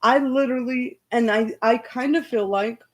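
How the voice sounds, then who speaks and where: A woman hosting a livestream, loudly and heatedly retelling an argument in casual talk. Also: on the high side, fairly even intonation, moderate pace, poor audio. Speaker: livestream host.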